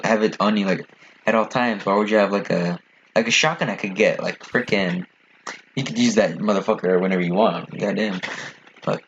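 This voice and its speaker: A young man chatting casually on an amateur podcast, talking quickly and piling up fillers and curse words as he goes. His voice sits on the low side, and the recording is dull and lo-fi with a faint hiss behind it. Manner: fast-talking, rambling with fillers and swearing. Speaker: podcast co-host. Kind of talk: casual chat. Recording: dull lo-fi sound with faint noise.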